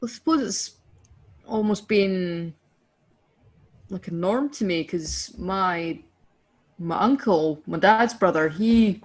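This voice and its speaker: A Scottish woman co-hosts a podcast in a lowish voice, taking her time with long pauses. Her casual chat is full of fillers and self-deprecating laughter.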